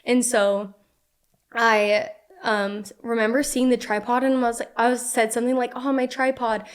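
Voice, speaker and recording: A young woman guesting on a podcast tells a personal story in casual style at normal speed, smooth throughout. Her pitch sits a bit high, she's animated, uses plenty of "like" fillers, and acts out quoted lines.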